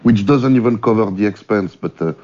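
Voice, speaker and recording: A man from French-speaking Switzerland with a Swiss French accent, speaking in halting English as a returning guest and repeating words as he searches for them. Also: fairly low pitch, mellow. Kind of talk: casual chat. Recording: muffled lo-fi audio.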